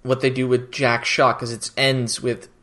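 A man co-hosting a casual podcast, reacting to the episode and now and then quoting the characters in squeaky voices. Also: a little slow. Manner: animated, jumps to squeaky voices when quoting. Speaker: podcast co-host. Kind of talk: casual recap chat.

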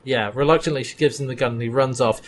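A man's voice: medium pitch, steady tone, quick pace. A man co-hosting a chat podcast, recapping a TV episode and acting out the characters' lines with laughs. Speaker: podcast co-host.

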